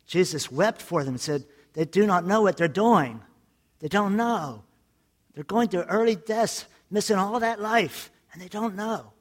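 High-voiced man preaching a lively sermon. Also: unhurried. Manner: lively storytelling preacher with jokes and emphatic repetition. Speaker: pastor.

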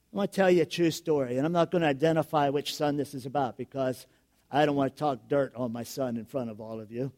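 A middle-aged male pastor giving a sermon, telling stories with frequent chuckles and building to loud, emphatic questions. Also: on the high side, brisk.

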